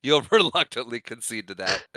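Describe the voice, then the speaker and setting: A man's voice: mid-range voice, very animated, moderate pace, pushed and bright, dry recording. A man co-hosting a podcast, recapping a film in casual, jokey chat. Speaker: podcast co-host.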